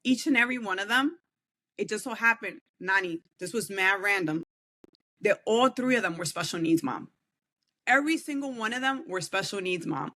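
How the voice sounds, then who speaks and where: A woman's voice: medium pitch, lively intonation, moderate pace, sharp tone. A woman who is a podcast guest, telling an emotional personal testimony in an earnest, heartfelt way with frequent "like" fillers.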